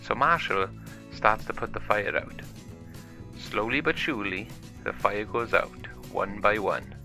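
A man with a lowish, bright voice tells a toy story in a chatty, improvised way. Soft music plays behind him. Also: expressive, unhurried, creaky. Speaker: toy video narrator.

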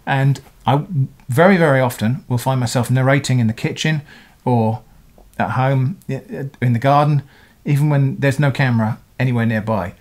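Middle-aged man, casual talk to camera, rambling, self-correcting, mid-pitched voice. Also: normal speed, darkish tone. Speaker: video creator answering comments.

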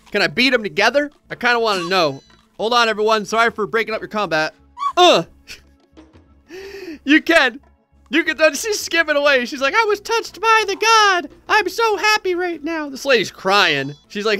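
A man giving jokey, excitable commentary while playing a god game in VR. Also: fairly high pitch. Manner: jokey, excitable, mock-godlike. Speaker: gameplay commentator. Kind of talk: playful VR gameplay commentary.

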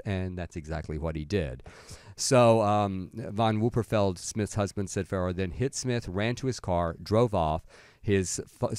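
A man's voice: sits low, darkish tone, dry recording, studio quality. A middle-aged man from the American South, co-hosting a casual news chat and bluntly retelling stories. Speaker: co-host.

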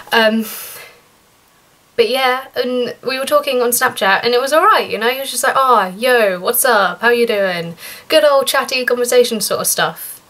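Chatty young woman telling a story. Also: a bit bright. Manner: chatty and indignant, rising pitch when outraged. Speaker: vlogger. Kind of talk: story time vlog.

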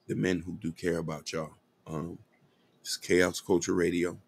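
A man's voice: sits low, little pitch movement, measured pace, vocal fry, breathy edge, faint music behind. A man hosting a podcast, giving an earnest, impassioned commentary monologue that speaks straight to his listeners. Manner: earnest, direct, addresses listeners as y'all. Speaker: podcast host.

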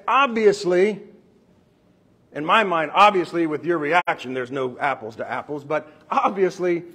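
A man with a high, husky voice tells sales stories to a room. He acts out quick exchanges with customers and staff, switching voices as he goes. The delivery is loose and animated, full of asides. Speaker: roofing company owner sharing sales tactics. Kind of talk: storytelling sales talk.

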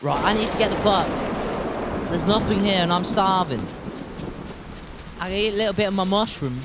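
A man's voice: sits high, moderate pace, long pauses, background noise. Chatty man streaming a game. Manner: chatty and joking, swears, reads chat aloud. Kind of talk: casual gameplay commentary.

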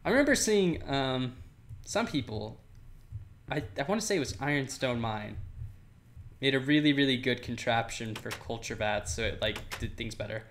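This man's mid-range voice is expressive and a bit bright, moving at a moderate pace. As a Minecraft let's player, he comments casually on his building game, rambling, laughing a lot, and addressing the on-screen animals.

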